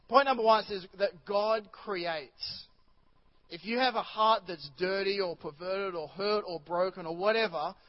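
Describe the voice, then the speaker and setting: A man's voice: sits high, muffled recording. A male pastor preaching a chatty sermon in church, rambling with many restarts and asides to the congregation.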